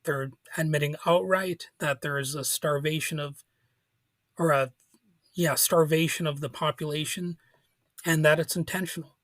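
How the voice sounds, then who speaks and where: Male podcast host, somewhat high voice, informal and halting, dry recording. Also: fairly even intonation, no echo. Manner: informal, halting, with restarts and soft laughs. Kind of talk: casual political commentary.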